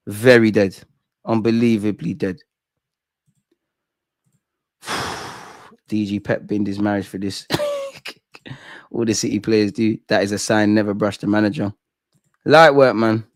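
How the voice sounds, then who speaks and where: A young man hosting a live football watch-along, reacting with slangy banter that swings from loud shouting to low muttering. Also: sing-song, unhurried, pauses often. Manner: slangy banter, swears at the screen. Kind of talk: live match reaction commentary.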